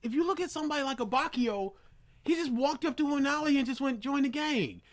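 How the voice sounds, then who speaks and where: Excitable guy ranting in a casual chat, does mocking voices. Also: extremely high pitch, fast. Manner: loud excitable rants with mocking impressions. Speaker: co-host.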